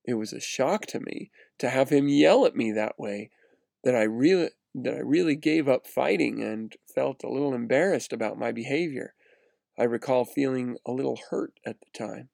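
Man with a gravelly narrating voice. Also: medium pitch, normal speed, no echo. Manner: earnest, steady reading with small restarts. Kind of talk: read-aloud first-person story narration.

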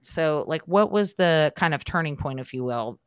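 A woman's voice: deep voice, lively intonation, normal speed, smooth, no room sound. Rambling woman host, dry sound. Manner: rambling questions full of likes and you-knows. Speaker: podcast host. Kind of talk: casual interview chat.

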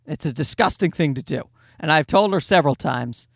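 High-voiced man telling rambling jokey stories. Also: animated, fairly quick, creaky, dry recording, studio quality. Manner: rambling, self-mocking, jokey storytelling with restarts. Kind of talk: casual anecdotal monologue.

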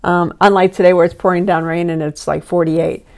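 A woman's voice: on the low side, level tone, fairly quick, a little mellow. A woman in her sixties, a podcast host and life coach, talking listeners through self-help steps in an earnest, instructive way. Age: 60s.

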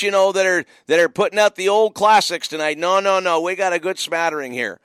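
A man's voice: high-pitched, brisk, fairly bright tone, smooth, no echo, clean studio sound. A man hosting a radio movie trivia call-in, teasing listeners and repeating the phone number. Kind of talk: casual radio call-in chat. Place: radio studio.

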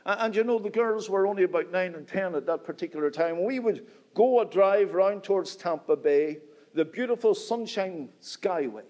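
A middle-aged man with a Northern Irish accent preaches an evening church sermon in a notably high voice. His delivery swells and drops in a steady preaching cadence, and he keeps turning to the congregation as "my friend". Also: normal speed. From Northern Ireland. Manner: rising and falling preaching cadence, repeats "my friend". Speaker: visiting preacher.

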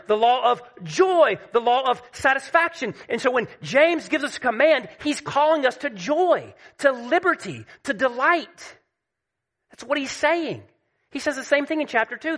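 A man preaching a sermon, emphatic and repetitive, dropping to a hush at key points. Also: very high-pitched.

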